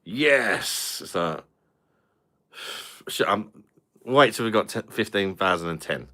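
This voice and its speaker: A man's voice: on the low side, lively intonation, takes it slowly, sharp tone. A man chatting crudely with viewers on a beer review livestream, swearing and laughing often. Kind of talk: casual livestream chat.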